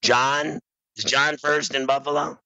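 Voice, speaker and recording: A middle-aged man hosting a radio show, telling a comic story in an animated way. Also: a little slow, creaky, clean tone, dry recording, muffled recording. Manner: animated storyteller, bursts into high screaming. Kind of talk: comedic storytelling.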